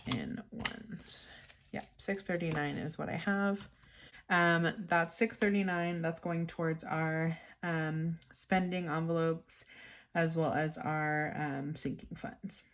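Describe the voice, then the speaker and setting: Low-voiced chatty woman vlogger. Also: flat delivery, slow. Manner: chatty, laughs often, many ums. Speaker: budgeting vlogger. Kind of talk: casual chat to camera. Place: home desk in craft room.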